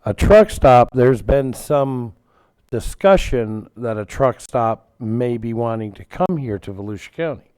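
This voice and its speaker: Lively man chairing a council meeting. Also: medium pitch, smooth, no room sound. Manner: brisk, informal procedural.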